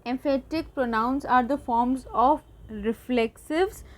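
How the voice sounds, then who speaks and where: High-voiced Indian woman teaching grammar. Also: takes it slowly. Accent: Indian English. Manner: explanatory, repeats example sentences. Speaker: teacher, channel host. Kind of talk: grammar video lecture.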